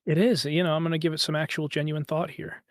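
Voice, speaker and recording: A man's voice: a little high, level tone, fast talker, no echo, studio quality. A man who coaches voice actors, talking emphatically and encouragingly as a guest in a casual podcast chat. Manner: emphatic, encouraging, explains eagerly. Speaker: voice acting coach.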